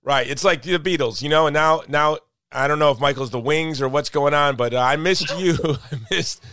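A man's voice: fairly high pitch, moderate pace, pushed and bright, dry recording, studio quality. A man hosting a podcast in casual chat, speaking with passion and repeating points for emphasis. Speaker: podcast host.

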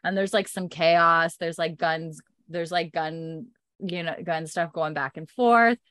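A woman's voice: on the low side, steady tone, measured pace, a bit bright, no room sound, clean studio sound. Chatty woman recapping a story. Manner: chatty, filler-heavy, laughs often.

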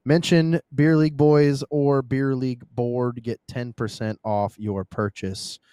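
A man's voice: medium pitch, measured pace, clean tone, dry recording, clean studio sound. A man co-hosting a podcast, talking casually and swearing a lot as he jokes and reads sponsor plugs. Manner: profane, joking, animated. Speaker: podcast co-host.

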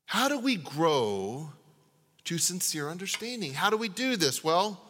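A man preaching with a bright, ringing edge and a voice pitched a little high for a man. He drives his points home with rhetorical questions and drops from full volume to near hush. His words trail off into the long echo of a big church sanctuary. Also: big pitch swings, a little slow, slight background noise. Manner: emphatic, with rhetorical questions and swings from loud to hushed. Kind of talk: sermon. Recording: long reverb of a large hall.

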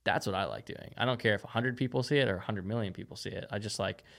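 A man's voice: on the low side, quick pace, gravelly. A young man, a BMX rider, chatting casually as a podcast guest, laid-back and laughing often, with lots of filler "like". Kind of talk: casual interview chat.

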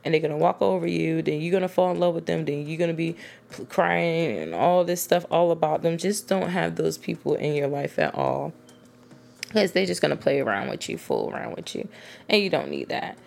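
A woman giving blunt dating advice straight to women listeners in a casual, animated rant, swearing freely. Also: deep voice, a little fast, gravelly.

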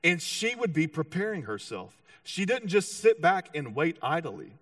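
A man preaching a sermon with animated storytelling, acting out voices and often restarting his sentences. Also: fairly high pitch, moderate pace, dry recording, studio quality, distant mic. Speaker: pastor.

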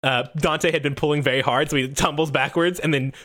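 A man's voice: a little high, fairly even intonation, a little fast, fairly bright tone. A man narrating a tabletop game as game master on a headset mic, laughing often and rambling with fillers.

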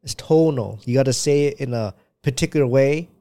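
A man's voice: medium pitch, a little fast, warm tone, no echo. A man in casual chat, patiently explaining things and laughing often.

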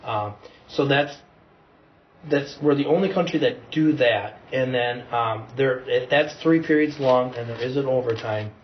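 A relaxed man explains things in a calm, measured way. He sounds set back from the microphone. The recording is muffled and carries a light hiss. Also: medium pitch. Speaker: wrestling coach, guest. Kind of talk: casual podcast conversation. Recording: distant, dull, faint noise.

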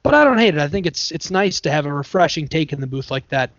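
Man, play-by-play commentator, casual interview, slightly high voice, dull dry lo-fi sound. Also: big pitch swings, quick pace, fairly bright tone, dry recording. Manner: chatty, explains with worked examples and restarts. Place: Michigan area.

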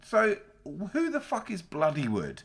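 A man co-hosting a casual podcast chat, sweary, teasing and animated. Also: high-pitched, unhurried. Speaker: podcast co-host.

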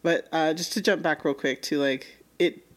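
A woman co-hosting a casual podcast chat about manga, animated, laughing often and acting out quotes. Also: low-pitched, normal speed. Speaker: podcast co-host.

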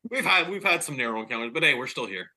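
A man chats and jokes easily. His voice is husky and very sharp, with a tense edge. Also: mid-range voice, lively intonation, quick pace. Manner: easygoing, joking. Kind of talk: casual chat.

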